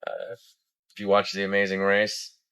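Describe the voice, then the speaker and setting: A man's voice: fairly low pitch, completely flat delivery, normal speed, fairly bright tone, clean tone. A man giving a casual travel review as a family vlogger, rambling with lots of fillers.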